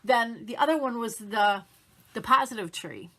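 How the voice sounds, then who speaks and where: Middle-aged woman, motivational vlogger; bright, chatty, upbeat delivery that acts out quoted self-talk. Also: on the high side, expressive, moderate pace. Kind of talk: casual motivational talk to camera.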